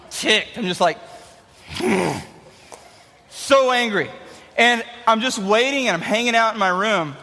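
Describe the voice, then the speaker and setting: A man in his thirties, a youth pastor preaching a sermon with animated storytelling. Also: sits high. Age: 30s. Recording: long hall reverb.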